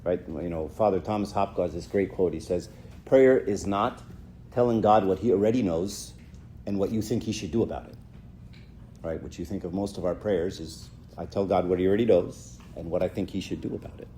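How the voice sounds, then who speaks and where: A man's voice: sits low, a little fast, mellow, a little hiss or hum. A middle-aged man giving an informal church talk, chatting with listeners, often asking "right?" and acting out short quotes. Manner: conversational, asks "right?" often, acts out quotes. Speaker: church speaker. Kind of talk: informal talk to a youth audience.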